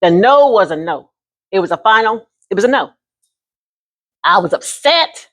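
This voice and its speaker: A woman in her sixties telling a personal story to camera in an animated, folksy way, often calling the listener honey. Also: medium pitch, normal speed. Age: 60s. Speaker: vlogger.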